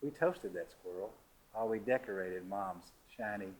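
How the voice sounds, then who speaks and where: An older man from Georgia telling a personal story to listeners, lively and laughing, his voice rising high at the funny moments. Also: normal speed, a little hiss or hum, low-quality recording. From Georgia, USA.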